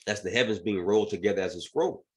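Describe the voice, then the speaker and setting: A man's voice: fairly low pitch, quick pace. A man teaching scripture and commenting on news in an emphatic preaching manner, often asking "right?". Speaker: bible teacher.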